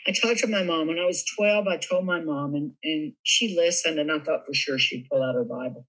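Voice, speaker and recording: A man with a Southern US accent, a guest telling funny stories in a giggly, animated way. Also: fairly high pitch, fairly quick, rough recording. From Tennessee, USA. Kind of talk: casual storytelling interview.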